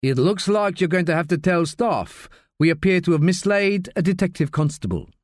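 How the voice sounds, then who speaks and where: A man voicing a calm, sardonic veteran police sergeant in an audiobook. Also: sits high, moderate pace, no echo. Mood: wry. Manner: dry, sardonic.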